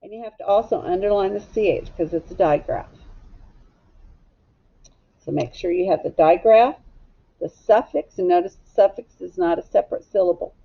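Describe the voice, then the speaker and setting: A middle-aged woman teacher giving a slow, patient phonics lesson, sounding out word parts step by step. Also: medium pitch, vocal fry, slightly rough, muffled recording. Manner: slow, patient, drawn-out instruction.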